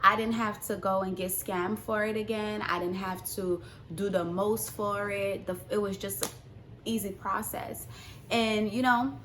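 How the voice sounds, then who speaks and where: Young woman vlogger, casual storytime, animated, acts out dialogue, soft hiss behind. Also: mid-range voice, unhurried. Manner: animated, acts out quotes, swings between hushed and loud.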